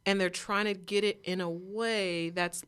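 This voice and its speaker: A woman's voice: mid-range voice, steady tone, unhurried, a bit bright, smooth. A young woman as an interview guest, telling her story candidly and animatedly, acting out other people's voices as she goes.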